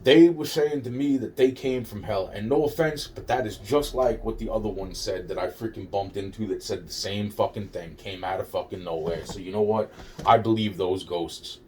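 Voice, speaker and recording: A man's voice: fairly low pitch, normal speed, darkish tone, slight background noise. A man rambling through a personal story in a vlog, swearing heavily, repeating himself and acting out quoted dialogue. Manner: rambling, profane, many restarts and quoted dialogue. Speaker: vlogger telling a personal story.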